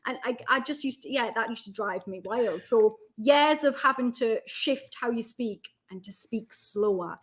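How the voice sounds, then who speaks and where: Geordie woman, 30s, chatty podcast guest, animated storyteller. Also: a little high, normal speed, hardly any pauses. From Newcastle, England. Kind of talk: casual chat.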